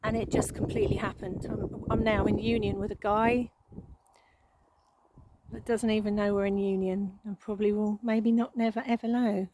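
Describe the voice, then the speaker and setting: A woman giving an emotional spiritual monologue, halting and repeating words, with frequent sighs. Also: medium pitch, level tone, warm tone, slight background noise, low-quality recording. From England. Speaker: spiritual channel.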